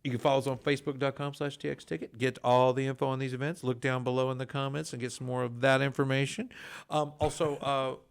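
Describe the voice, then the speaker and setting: Gravelly, rambling male radio host. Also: medium pitch, level tone, fast talker. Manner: rambling, with many restarts and fillers. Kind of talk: casual radio chat.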